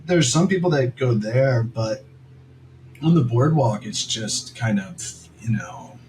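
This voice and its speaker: Young man, podcast co-host, rambling casual storytelling, mid pitch, faint room hiss. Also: animated, takes it slowly, a little mellow, rough recording. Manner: rambling, lots of "like" and quoted asides.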